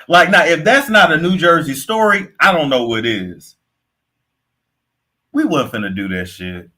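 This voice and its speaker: A young man giving casual, profane gossip commentary, animated and quick to react, sometimes slipping into put-on accents. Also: on the high side. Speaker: commentary host.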